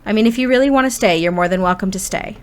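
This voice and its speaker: A woman voicing a resigned father in his seventies in her own voice, soft and reassuring in a game story. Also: medium pitch, quick pace, lightly acted.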